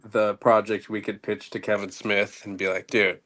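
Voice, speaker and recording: A man's voice: on the low side, flat delivery, moderate pace, fairly bright tone, no room sound. A man co-hosting a casual podcast, joking around playfully. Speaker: podcast co-host.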